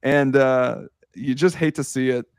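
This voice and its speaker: Excitable young man hosting a podcast. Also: medium pitch, unhurried, clean tone, dry recording, studio quality. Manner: excitable, swearing, laughs often. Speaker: podcast host. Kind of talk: casual sports chat.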